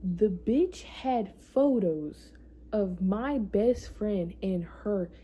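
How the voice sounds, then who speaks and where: A woman's voice: medium pitch, expressive, very slow, warm tone, breathy edge. A young adult woman telling a personal story in a casual vlog, emotional and profane, often repeating herself for emphasis. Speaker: vlogger.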